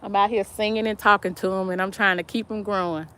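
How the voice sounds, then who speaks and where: A woman's voice: medium pitch, fairly even intonation, quick pace, sharp tone, clear, resonant tone. Lady chatting on a phone live from the yard, laughs a lot, reads out comments. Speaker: vlog host. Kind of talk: casual live-stream chat. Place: outdoors in a yard.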